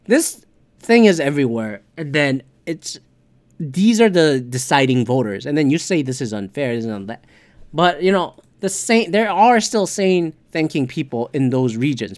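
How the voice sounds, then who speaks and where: A man's voice: medium pitch, expressive, moderate pace, darkish tone. Male commentator, rambling, profanity-laced political rant, mid-range voice. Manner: rambling, profane, many fillers and restarts.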